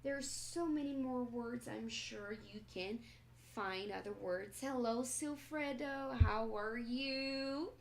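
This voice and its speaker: A woman teaching English in a live stream, explaining slowly and checking in with her viewers. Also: on the high side, gravelly. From Brazil. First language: Portuguese. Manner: slow, explanatory, checks in with "okay?". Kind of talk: live-stream language lesson. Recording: echoey room, faint noise.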